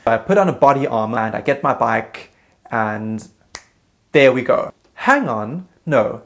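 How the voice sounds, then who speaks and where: A man telling a comedic travel story in a vlog, animated and self-mocking, slipping into quick put-on voices. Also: medium pitch.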